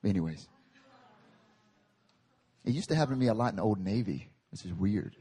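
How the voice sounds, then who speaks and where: A man preaching a sermon at a prayer meeting, animated and conversational, with humorous tangents. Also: on the low side, normal speed. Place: meeting hall.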